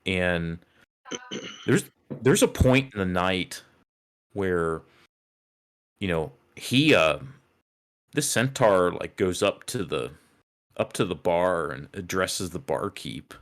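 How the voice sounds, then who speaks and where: Low-voiced rambling game master. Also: male voice, expressive, slow pace, pauses often. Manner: rambling, many fillers and restarts. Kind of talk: narrating a tabletop game.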